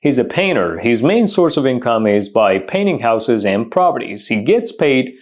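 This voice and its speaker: Animated man teaching English idioms. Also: mid-range voice, moderate pace. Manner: repetitive, emphatic, lists many synonyms. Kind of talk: explaining English idioms to camera.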